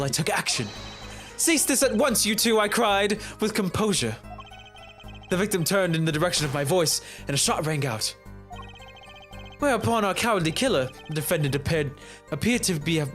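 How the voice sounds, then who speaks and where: A man's voice: a little high, a bit bright. A man voicing a pompous, long-winded male student witness in a fan read of a game. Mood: self-important. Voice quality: pompous, lecturing.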